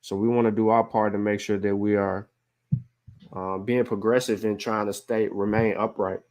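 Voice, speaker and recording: Low, even-toned man hosting a show. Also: normal speed. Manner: earnest, rambling with many fillers. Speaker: show host. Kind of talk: casual livestream talk.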